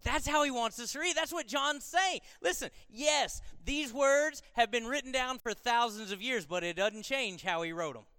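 A man with a high, bright voice preaches a sermon, talking with the congregation in a casual way before building into strong, repeated phrases. His voice comes through clean and close, with a long reverb from the hall trailing behind it. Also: moderate pace, few pauses, clean tone. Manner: conversational, building to emphatic repetition. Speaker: pastor.

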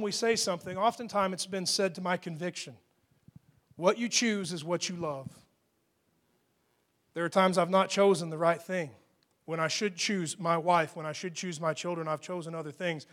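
A man with a high voice preaching to his congregation in a church hall. He talks conversationally, then climbs into emphatic peaks and drops into soft, hushed asides. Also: steady tone, normal speed. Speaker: pastor. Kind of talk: sermon.

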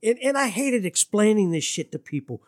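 This casual interview features a Detroit musician as guest, storytelling at normal speed. He is animated, pitching his voice up high for quoted lines, and the studio-quality recording carries no echo.

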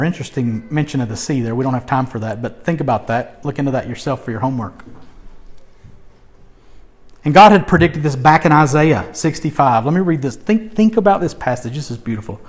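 A man preaching a sermon, emphatic and animated, swinging between loud urging and soft asides. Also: medium pitch, brisk.

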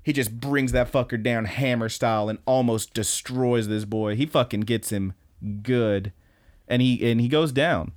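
A young man co-hosting a podcast, recapping an anime fight in a casual, animated play-by-play full of swearing. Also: medium pitch, a little slow. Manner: animated, profane play-by-play storytelling. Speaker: podcast co-host.

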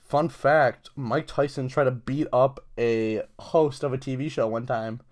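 A man's voice: mid-range voice, steady tone, a little slow. A young man co-hosting a podcast in loose, profane, casual banter, laughing often. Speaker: podcast co-host.

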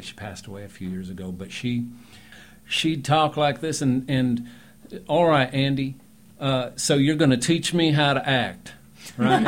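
A man, an acting teacher talking in a chatty, rambling way with emphatic bursts during a podcast conversation. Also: mid-range voice.

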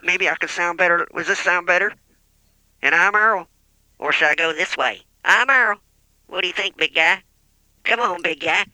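A man voicing Earl, a folksy male coal miner turned weatherman, through a pitch-shifted effect, calling in on a noisy line. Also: moderate pace, long pauses, bright, forceful tone, dry recording. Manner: folksy, keeps repeating his own name. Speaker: caller doing the weather.

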